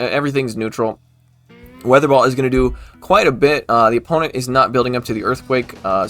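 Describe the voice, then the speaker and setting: Man, fast casual gaming commentary, chatty, self-correcting, light music bed. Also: mid-range voice, sharp tone. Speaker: gaming channel host.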